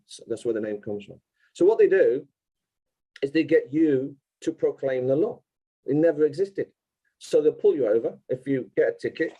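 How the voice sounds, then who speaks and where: A man's voice: medium pitch, mellow, low-quality recording. A man speaking as an interview guest, explaining insistently and step by step.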